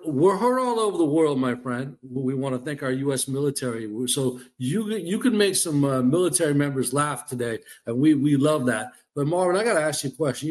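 A man hosting a sports radio show, asking his guest questions in a rambling, repetitive way. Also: medium pitch. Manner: rambling, repeats words when starting a thought. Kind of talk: casual radio chat.

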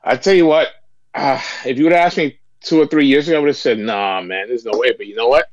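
A man appearing as a boxing analyst guest, speaking in a calm, measured, easygoing way. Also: a little high, dry recording, muffled recording. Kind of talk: casual chat.

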